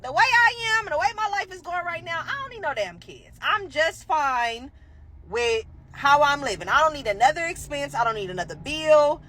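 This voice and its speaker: A woman's voice: high-pitched, expressive, moderate pace. A woman in her twenties ranting casually to camera, sassy and emphatic. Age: 20s. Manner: loud, sassy, laughing, emphatic.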